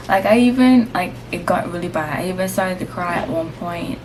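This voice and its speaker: A young woman vlogger and first-time mom telling her story casually to camera, lively and slangy. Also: lowish voice, moderate pace, few pauses. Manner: lively, acts out voices, slangy and chatty. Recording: steady background noise.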